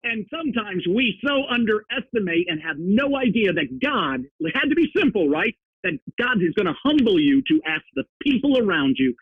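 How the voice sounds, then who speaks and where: A husky man whose pitch swings widely as he tells animated stories as an interview guest. His voice comes through a tinny, phone-like line with a dry, close sound. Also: brisk, few pauses, dry recording. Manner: lively, acts out people in his stories. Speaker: guest, executive recruiter.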